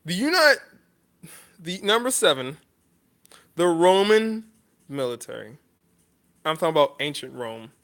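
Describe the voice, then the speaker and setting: Guy vlogging off the cuff, kinda high bright voice, keeps pausing n restarting, earnest and sorry-sounding. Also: very animated. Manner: halting, pausing often with restarts; earnest, apologetic. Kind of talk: unscripted list vlog.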